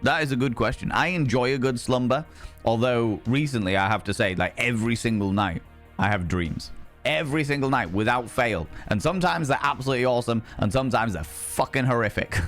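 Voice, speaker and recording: A man's voice: mid-range voice, expressive, brisk, a bit bright, faint music behind. A man with a Yorkshire accent chatting casually and swearing often on a live stream, laughing easily.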